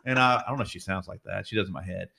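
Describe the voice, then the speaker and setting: A man's voice: deep voice, rapid-fire, gravelly, bright, forceful tone. A man in his forties, a podcast guest, chatting casually and acting out voices in his stories. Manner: storytelling, acts out voices in anecdotes. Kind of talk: casual chat.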